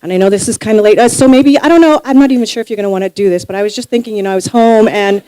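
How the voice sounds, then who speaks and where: A woman's voice: mid-range voice, rapid-fire, warm tone, clean tone, no echo, lightly acted, low-quality recording. Woman doing a jittery, rambling gal pal. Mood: rambling nervous. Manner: nervous run-on chatter, endless hedging. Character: rambling, over-apologetic young woman friend.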